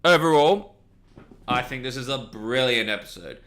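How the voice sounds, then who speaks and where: A man giving a casual, rambling video review of a TV episode, excitable, swearing freely and often correcting himself. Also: medium pitch, normal speed.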